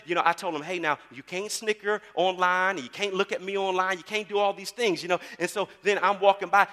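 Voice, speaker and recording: A middle-aged man pastor preaching a sermon, swinging from easy conversational storytelling to shouted preaching. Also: fairly high pitch, big-room sound. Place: church sanctuary.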